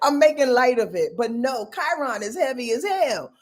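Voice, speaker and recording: A woman's voice: sits high, lively intonation, normal speed, few pauses. A woman astrologer giving a live reading, emphatic and talking straight to her viewers, repeating phrases and laughing at her own jokes, with features.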